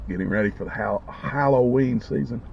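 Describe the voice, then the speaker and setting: In a dull, lo-fi eating vlog with a little hiss or hum, a food vlogger chats casually as he eats. His voice is medium-pitched and creaky, he talks a little fast, and he savors each bite while speaking with his mouth full.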